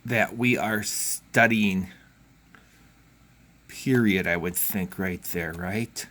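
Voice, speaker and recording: A man's voice: low voice, slow pace, fairly bright tone. Encouraging male teacher, casual lesson. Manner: casual, encouraging, thinks aloud. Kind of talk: home learning video lesson.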